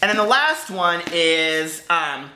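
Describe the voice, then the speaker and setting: Man, bright voice, bouncy pitch, gushing book-vlog chatter. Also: lively intonation, slow pace, roomy sound. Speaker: book vlogger. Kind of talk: casual chat to camera.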